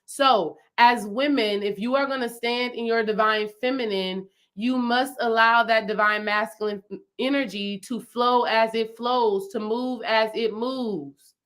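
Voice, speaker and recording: Speaking a little slowly in a steady, fairly bright voice on the high side, this spiritual healing coach keeps things chatty and emphatic. She leans on repeated phrases to stress her points and frequently asks viewers questions.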